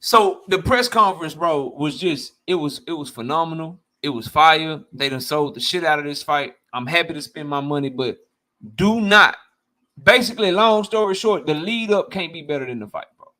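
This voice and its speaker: A man with a high, bright voice hosting a boxing channel, answering his live chat with casual commentary. He talks in an animated, blunt way, with heavy slang and plenty of swearing. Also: moderate pace. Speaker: boxing YouTube host.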